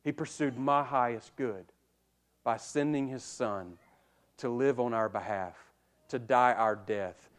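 Taking it slowly in a medium-pitched voice, a preacher talks directly to the congregation with emphasis. He lets his voice fall to a hush and climb back loud, repeating words as the point builds.

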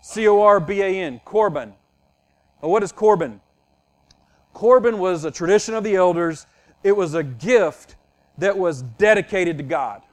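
A man's voice: sits high, moderate pace. A middle-aged male pastor preaching a sermon, teaching earnestly and repeating key phrases for emphasis.

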